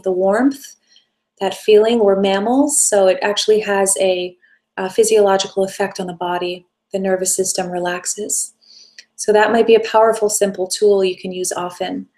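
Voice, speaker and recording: A woman hosting a live self-help session, answering viewer questions in a gentle, coaching way with long flowing sentences. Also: mid-range voice. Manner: gentle, coaching, speaks in flowing run-on phrases.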